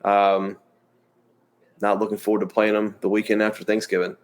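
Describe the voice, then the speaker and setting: A man's voice: fairly low pitch, completely flat delivery, normal speed. A man co-hosting a college sports review show, talking in an easygoing, chatty way with fillers. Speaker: co-host. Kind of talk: casual sports chat.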